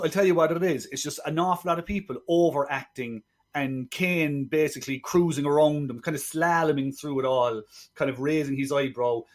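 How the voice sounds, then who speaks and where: A podcast co-host talks through an old spy film in a loose, rambling way. His voice sits in an ordinary middle range for a man, and he keeps circling back with little asides. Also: medium pitch. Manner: rambling, chatty, quick asides. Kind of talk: casual film review chat.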